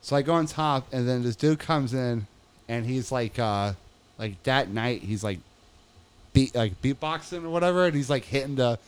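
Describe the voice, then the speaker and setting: A man's voice: medium pitch, expressive, normal speed, smooth. A young man telling a story in casual chat, rambling and swearing, acting out what others said. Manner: profane, rambling, re-enacts quoted dialogue.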